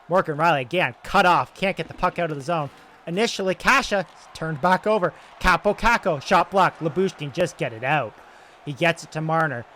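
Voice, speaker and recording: A young man doing excitable play-by-play commentary over a video game, moving between loud calls and quiet asides, his voice getting strained. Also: fairly high pitch, slight background noise. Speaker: gaming YouTuber doing play-by-play.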